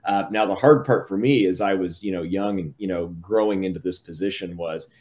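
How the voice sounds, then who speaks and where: A man's voice: low voice, brisk, darkish tone. A middle-aged man talking through a book discussion in a casual, hesitant way, with many restarts and fillers. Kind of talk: casual conversation.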